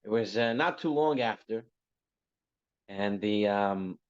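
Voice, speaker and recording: A man's voice: on the low side, slow pace, clean tone. A man teaching a religious class, telling stories in a conversational way that often checks in with "right?". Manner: conversational, repeats phrases, asks "right?". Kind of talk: Torah class with storytelling. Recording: muffled lo-fi recording.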